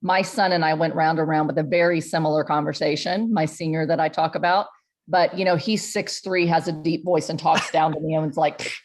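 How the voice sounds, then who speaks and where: A woman's voice: low-pitched, fairly even intonation, brisk. A middle-aged woman speaking as a guest in a casual conversation, chatty and empathetic.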